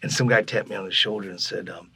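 Speaking fast in a lowish, creaky voice with a breathy edge, a man from Texas spins stories as a guest musician in an interview. He's an animated storyteller who acts out the voices of the people involved.

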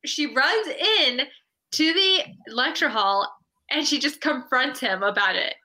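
A woman's voice: high voice, lively intonation, a little slow, pushed and bright, low-quality recording. A woman co-hosting a podcast, casually retelling a sitcom episode and laughing as she goes. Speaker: podcast co-host. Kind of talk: casual chat, recapping an episode.

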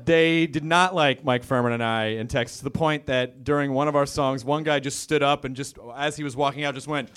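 A man on a comedy club stage telling a quick, profane story and then introducing the next comedian. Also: medium pitch, steady tone, fairly bright tone, smooth. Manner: quick, self-correcting, profane banter. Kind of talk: stand-up set and act introduction. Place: comedy club stage before a live audience.

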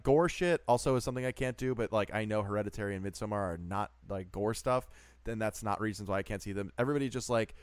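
Fast-talking man, dry close sound. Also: on the low side, darkish tone, smooth, no echo. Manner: upbeat, laughs often, jumps between thoughts. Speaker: podcast co-host. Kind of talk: casual chat.

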